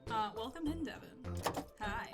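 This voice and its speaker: Over music, a young woman with an animated, higher voice talks at normal speed during a live gaming stream. Giggly and self-talking, she rambles casually to her chat while tinkering with settings.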